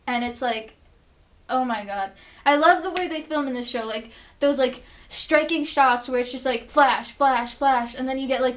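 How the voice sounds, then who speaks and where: A woman recapping a TV episode in a casual, gushing way, swearing a lot and saying "like" often. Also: sits high. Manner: gushing and profane, lots of "like" fillers. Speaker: vlogger reviewing a TV episode.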